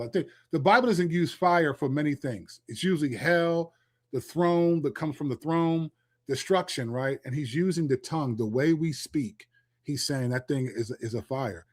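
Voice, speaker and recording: A man's voice: a little high, lively intonation, normal speed. A middle-aged man giving an impassioned solo Christian commentary, preachy and emphatic, reading scripture aloud and often restarting his sentences.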